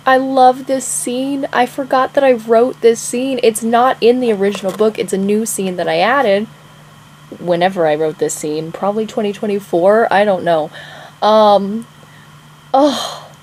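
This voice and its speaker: Excitable young woman gushing over her writing. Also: mid-range voice, a little hiss or hum, poor audio. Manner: gushing, excitable, laughs often. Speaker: author vlogger. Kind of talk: casual vlog chat, reading her draft aloud.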